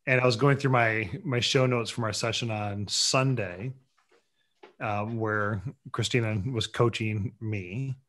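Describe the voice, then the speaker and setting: A man hosting a podcast, musing aloud in a halting way with many fillers. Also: lowish voice, a bit bright. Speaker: podcast host. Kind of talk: casual podcast chat.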